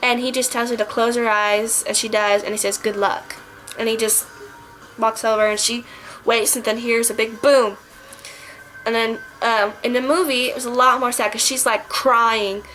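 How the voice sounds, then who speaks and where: A woman's voice: a little high, little pitch movement, normal speed, pushed and bright, low-quality recording. Chatty, rambling woman reviewing a book. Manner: rambling and chatty, with frequent restarts. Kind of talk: casual review vlog.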